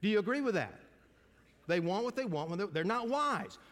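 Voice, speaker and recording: A man's voice: high-pitched, expressive, a little fast, a bit bright. An older man preaching a sermon to a congregation in a folksy, conversational way, asking them questions as he goes. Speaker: pastor. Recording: long reverb of a large hall.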